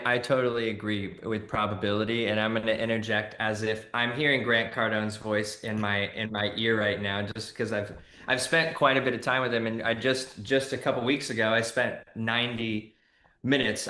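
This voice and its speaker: Bright-voiced man in a roomy echo. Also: fairly low pitch, steady tone, moderate pace. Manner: agreeable, interjecting. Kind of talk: live stream discussion.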